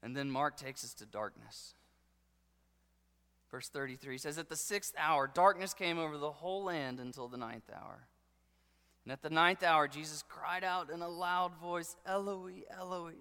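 A man preaching a sermon with passion, dropping to a hush and then rising to loud declarations. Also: fairly high pitch, normal speed, clear, resonant tone. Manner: impassioned preaching, swinging between hushed and loud. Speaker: pastor. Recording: long hall reverb.

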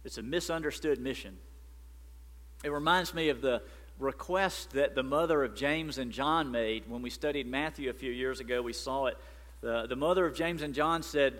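A man preaching a sermon as pastor, animated and emphatic. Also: mid-range voice, moderate pace, big-room sound.

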